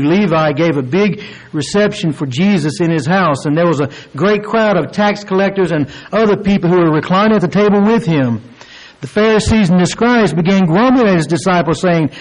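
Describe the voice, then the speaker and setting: A man with a fairly high voice delivers an expository sermon. He speaks earnestly and deliberately, slowing down to lean on key words as he explains a passage. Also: low-quality recording. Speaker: pastor.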